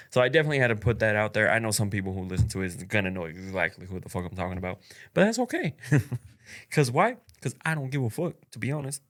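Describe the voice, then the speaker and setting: A young man with a fairly low voice hosts his own podcast and talks straight to the listener. He is blunt and swears freely, laughs between his points, and fills his sentences with "like" and "uh". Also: expressive, fairly quick, fairly bright tone. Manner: blunt and profane, laughs often, many fillers. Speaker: podcast host. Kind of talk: casual solo podcast monologue.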